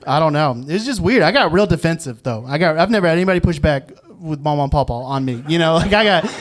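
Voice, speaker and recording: A man's voice: fairly high pitch, animated, fast talker. A man performing a stand-up comedy set on a club stage, acting out quotes and laughing at his own jokes. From Virginia, US South. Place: comedy club stage before a live audience.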